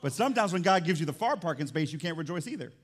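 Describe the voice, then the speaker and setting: A man preaching a sermon as pastor in a church, animated and jokey, swinging from loud excitement to quiet emphasis. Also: fairly high pitch, rapid-fire. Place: church sanctuary.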